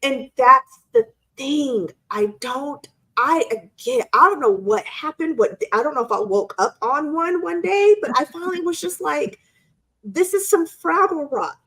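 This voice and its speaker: A middle-aged woman co-hosting a casual live-stream chat, telling an animated story and acting out quotes in squeaky voices. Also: a little slow. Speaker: co-host.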